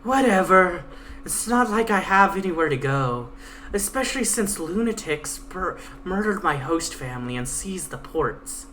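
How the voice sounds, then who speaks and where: A woman's voice: lowish voice, big pitch swings, a little slow, fairly bright tone, a little hiss or hum. A woman voicing a sarcastic young female pegasus student in a game story reading, talking in a flippant, mocking way.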